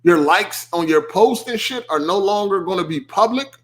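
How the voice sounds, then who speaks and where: Man, podcast host, high lively voice, casual profane rant, mocking. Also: normal speed. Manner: animated, swearing, laughing, mocking quoted voices.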